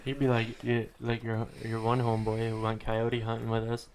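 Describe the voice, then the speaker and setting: A man co-hosting a podcast from a home kitchen, telling a hunting story in a relaxed, profane way. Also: mid-range voice, normal speed, noisy background. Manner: relaxed storyteller, swears freely. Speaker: podcast co-host. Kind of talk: casual chat.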